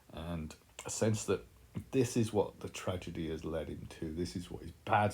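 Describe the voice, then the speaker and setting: A man's voice: deep voice, darkish tone. A man teaching a literature lesson, explaining in a thoughtful way with frequent fillers.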